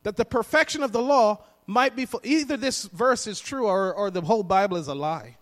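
Male preacher, sermon, high voice, emphatic delivery, booming hall reverb. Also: expressive, fairly quick, fairly bright tone. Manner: emphatic, repeats lines for the congregation to echo.

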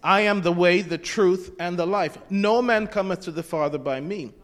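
A man's voice: high voice, normal speed. A man preaching a sermon, quoting scripture in old-fashioned wording and putting questions to his congregation. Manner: quotes scripture in King James wording, asks the congregation questions. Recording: long reverb of a hall.

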